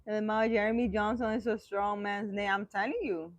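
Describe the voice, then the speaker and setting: A woman's voice: medium pitch, fairly even intonation, fairly quick, dry recording. Woman, livestream host, casual chat, playful and teasing, emphatic, dry close sound. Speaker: livestream host answering viewers.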